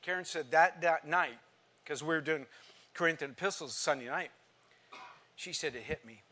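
A man's voice: a little high, normal speed, pushed and bright. A man preaching a sermon, telling a story and putting questions to the congregation.

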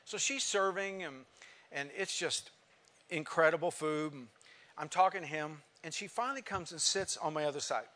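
A man's voice: on the high side, moderate pace, sharp tone. A man preaching a sermon, telling a story and putting questions to the congregation.

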